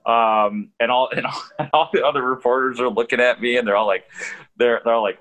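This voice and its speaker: A man who is a sports reporter, chatting casually on the radio as a guest and telling stories in a lively, animated way. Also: mid-range voice, fairly quick, rough recording. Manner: lively, animated storyteller with restarts. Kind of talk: casual radio chat, storytelling.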